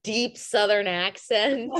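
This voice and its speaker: A woman teacher on a video call, chatting with the class in an animated, giggly way. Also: on the high side. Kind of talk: casual online class chat.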